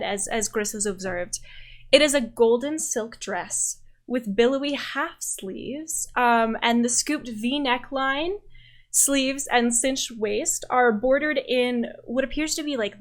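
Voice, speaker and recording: A woman with a fairly high voice runs a tabletop game as game master. She describes each scene slowly and in detail, with plenty of fillers. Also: a bit bright.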